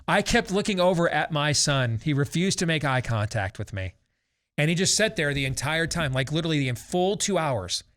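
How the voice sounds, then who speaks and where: Guy in his 40s hosting a talk show, sarcastic theatrical rant, voice sits a bit high. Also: sing-song, moderate pace, fairly bright tone. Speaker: host. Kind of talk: opinionated talk show commentary.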